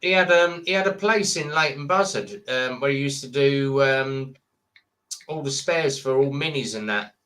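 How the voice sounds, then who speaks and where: A man's voice: medium pitch, moderate pace, pushed and bright. A man in his fifties hosting a casual late-night live chat with friends, rambling and jokey, slipping into silly voices when telling a story. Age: 50s. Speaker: live stream host.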